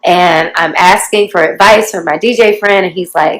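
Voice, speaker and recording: A woman in her forties with a slightly low voice talks straight to her viewers and tells her own story. Her delivery is chatty and confiding, like a casual vlog. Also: normal speed, fairly bright tone, poor audio. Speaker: vlogger telling her life story.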